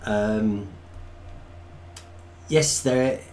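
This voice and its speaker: A man's voice: lowish voice, very slow, darkish tone, a little hiss or hum. A man co-hosting a live stream, reading out viewer comments in a casual, hesitant way with many ums. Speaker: co-host reading chat.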